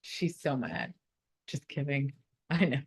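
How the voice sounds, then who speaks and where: A woman giving a motivational talk in a conference room, then leading a guided visualization in a calm, soothing way. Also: rumbling low. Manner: warm, slow and soothing when guiding the meditation. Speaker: motivational speaker. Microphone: phone.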